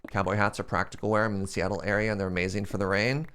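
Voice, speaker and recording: A man's voice: on the low side, flat delivery, very fast, fairly bright tone, slight background noise. A young man streaming a game, chatting casually and joking as he answers chat questions. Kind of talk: casual live-stream chat while playing.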